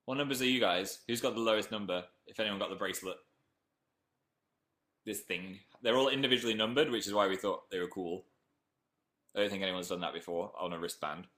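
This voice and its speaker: A man's voice: on the low side, fairly quick, fairly bright tone, reverberant. A young man with a Northern English accent, chatting casually on a live stream and reading viewer comments aloud. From Northern England.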